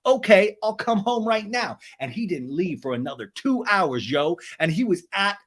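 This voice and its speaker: Dude doing a blunt gossipy woman, high and punchy. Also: big pitch swings, moderate pace, a bit bright, heavily acted. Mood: indignant.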